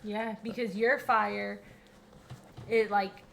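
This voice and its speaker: A woman's voice: mid-range voice, steady tone, slow, vocal fry, a bit bright, a little hiss or hum. Earnest young woman, breathless and chatty. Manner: earnest, rambling with many "like" fillers. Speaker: podcast co-host. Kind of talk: casual faith conversation.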